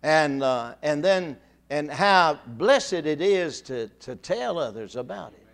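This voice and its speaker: An older man with a drawl preaches from the pulpit, his voice sitting a little high for a man. He stumbles over repeated words and small fillers, then builds into fervent, rousing calls to his listeners. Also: lively intonation, gravelly. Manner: halting restarts, rising to fervent exhortation. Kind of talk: sermon.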